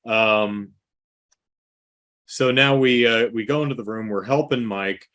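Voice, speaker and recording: A man's voice: on the low side, unhurried, fairly bright tone. A man co-hosting a casual movie talk show, recapping the plot with wry, dry asides. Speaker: podcast co-host.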